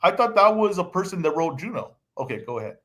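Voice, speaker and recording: A man's voice: high-pitched, fast talker. A man co-hosting a boxing podcast in casual chat, teasing and joking with his co-hosts. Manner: teasing, jokey, excitable. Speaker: podcast co-host.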